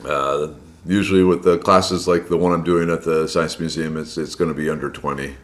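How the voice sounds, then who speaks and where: A man hosting a casual live stream from indoors at home, chatting and greeting viewers by name, his voice slightly hoarse. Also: very deep voice, fairly even intonation, moderate pace. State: slightly hoarse from a long day of loud speaking.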